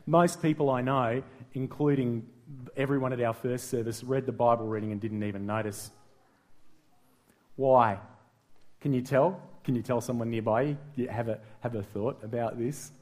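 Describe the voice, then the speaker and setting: A middle-aged man with an Australian accent preaching a sermon, playful and lively, speaking directly to the congregation. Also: mid-range voice, normal speed. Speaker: pastor.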